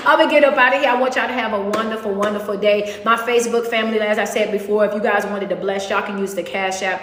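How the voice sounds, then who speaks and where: Animated woman speaker in echoey room. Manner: animated, preachy, swings into high excited bursts. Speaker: motivational speaker and life coach. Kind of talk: casual livestream talk. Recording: echoey room with long reverb.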